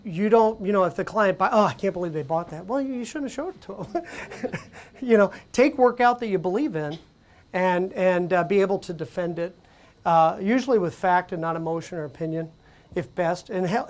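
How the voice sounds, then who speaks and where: A woman presenting at a conference, speaking conversationally with animated storytelling and frequent fillers. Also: medium pitch. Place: conference venue.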